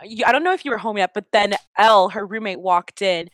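A woman's voice: medium pitch, quick pace, a bit bright, a little hiss or hum. A young woman in casual chat, telling a vivid story and swearing casually.

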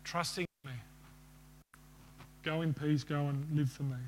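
A man's voice: on the high side, steady tone, measured pace, darkish tone, slight background noise. A man preaching a sermon to a congregation, asking them questions and ending with a prayer. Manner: asks the congregation questions and leads a closing prayer.

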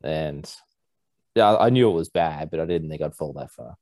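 Kiwi guy with a really deep voice, chatty and self-mocking, dry close mic. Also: expressive, moderate pace, a little mellow, no room sound. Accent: New Zealand. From New Zealand. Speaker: podcast guest. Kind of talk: casual sports podcast chat.

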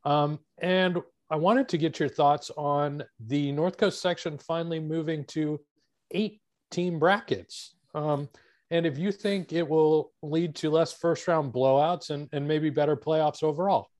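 A man co-hosts a casual sports talk show, his voice a bit high and recorded dry and close. He speaks in a measured way, steering the talk with questions. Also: steady tone, darkish tone, no room sound. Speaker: co-host.

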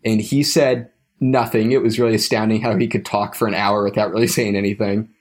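Guesting on a podcast, a young adult man hesitantly narrates a casual story, frequently starting over and leaving phrases unfinished. He speaks briskly in a lowish voice with little pitch movement.

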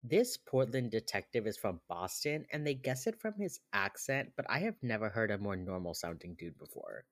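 A man's voice: lowish voice, sing-song, normal speed, few pauses, a bit bright. Man casually recapping an episode. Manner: laid-back, chuckling episode recap. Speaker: podcast co-host. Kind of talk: casual chat.

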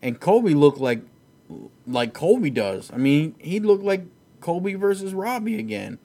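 A man with a slightly higher-than-usual voice hosts a loose podcast chat about fights. He rambles, swears freely, and laughs easily as he talks. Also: sing-song, normal speed, warm tone. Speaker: podcast host.

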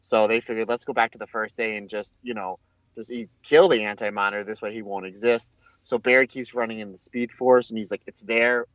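A man in casual chat, recapping a TV crossover in a rambling, animated way and acting out the characters' lines. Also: fairly low pitch, brisk, no room sound. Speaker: podcast co-host. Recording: dull lo-fi, dry sound.

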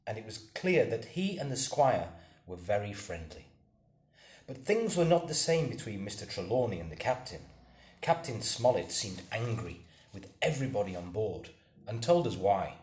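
A man hosting a podcast and narrating a story in an expressive reading voice. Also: on the low side. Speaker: podcast host and reader. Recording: roomy echo.

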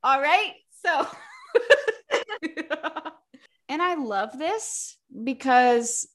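A woman's voice: high voice, lively intonation, drawn-out words, fairly bright tone. Foul-mouthed ranting woman podcaster. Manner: profane, ranting, dramatic read-aloud of quotes. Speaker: podcast co-host. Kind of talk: casual book-club podcast chat.

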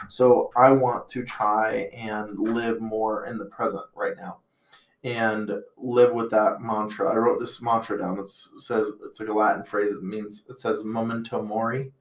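A man with a fairly low voice hosts a laid-back podcast, thinking out loud in long reflective stretches. He fills his talk with "um" and "you know". The recording has a roomy echo around him. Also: little pitch movement, unhurried. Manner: rambling, reflective, many fillers. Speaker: podcast host. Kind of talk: casual podcast chat.

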